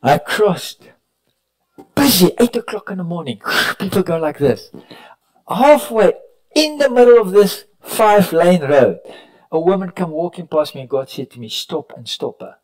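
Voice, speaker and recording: A man preaching a sermon at a retreat, telling stories, rising to loud cries and dropping to near whispers, sometimes correcting himself mid-sentence. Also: high voice, sing-song, unhurried, poor audio. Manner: preaching with sudden rises and hushed drops; storytelling with self-corrections. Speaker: pastor. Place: retreat meeting room.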